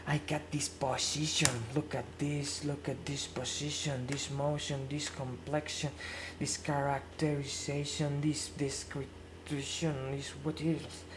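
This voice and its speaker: A woman's voice: deep voice, little pitch movement, slow pace, noisy background. A woman speaking non-native English as a Spanish speaker, rambling through a live stream and acting out both sides of an imagined argument. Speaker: livestreamer.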